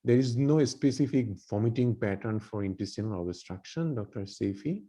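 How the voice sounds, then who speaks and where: Man tutoring doctors, mellow voice. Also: on the low side, expressive, normal speed. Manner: explains with many repeats and restarts. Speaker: medical exam tutor. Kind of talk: online teaching feedback.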